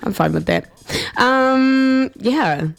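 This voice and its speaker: A woman co-hosting a breakfast radio show, her voice slightly husky as she recovers, chatting casually and laughing easily. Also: high-pitched, lively intonation, drawn-out words.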